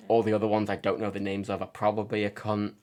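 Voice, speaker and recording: A man's voice: lowish voice, monotone, quick pace, a little mellow. A man chatting casually on a livestream while repairing a controller, joking, swearing and laughing often. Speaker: streamer.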